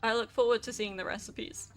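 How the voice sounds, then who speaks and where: A woman's voice: fairly high pitch, fairly even intonation, brisk, faint music behind. A young woman streaming a game, chatting casually and rambling through stream chat with lots of fillers.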